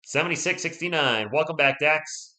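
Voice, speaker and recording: A man hosting a live stream, giving casual play-by-play commentary, chatty and excitable, and talking straight to his viewers. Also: a little high, normal speed. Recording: echoey room.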